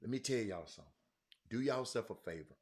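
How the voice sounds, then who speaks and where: A man hosting a sports talk show, speaking emphatically, swinging between loud outbursts and low asides. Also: animated, fairly quick. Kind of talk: animated sports talk commentary.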